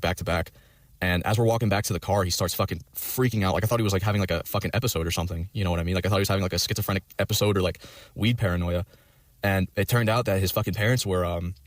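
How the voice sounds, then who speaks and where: A man's voice: fairly low pitch, dry recording, studio quality. A young man telling a long personal story, rambling and swearing, full of fillers. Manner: profane, rambling, many fillers.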